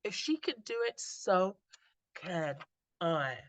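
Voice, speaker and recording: A woman slowly retelling moving stories in an earnest, reflective talk, often stopping and restarting her sentences. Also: lowish voice, sing-song, no echo. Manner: earnest, slow storytelling with frequent restarts. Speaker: inspirational speaker.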